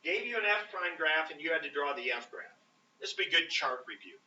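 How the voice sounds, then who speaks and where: A male math teacher lecturing to his class in a very bright, slightly high voice, talking casually with fillers and frequent "right?" check-ins. He sounds far from the microphone. The recording is roomy and a little dull, with faint ambience behind him. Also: animated, brisk, a little hiss or hum. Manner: conversational, checks in with "right?" often, many fillers.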